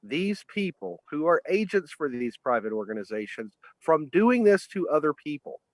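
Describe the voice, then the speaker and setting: A man's voice: on the high side, very animated, moderate pace, no echo. A man asking earnest, probing questions in a conversational interview.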